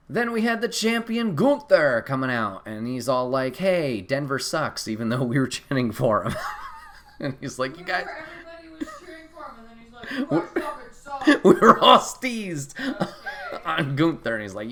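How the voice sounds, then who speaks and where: A man hosting a podcast, recapping a live wrestling show in a casual, animated way, acting out quotes with frequent laughs and swearing. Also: medium pitch. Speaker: podcast host.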